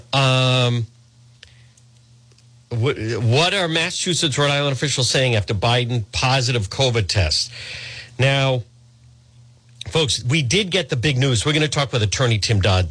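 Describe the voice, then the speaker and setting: A man hosting a talk radio show, delivering a sardonic, mocking monologue and often clearing his throat. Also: mid-range voice, fairly bright tone, no echo.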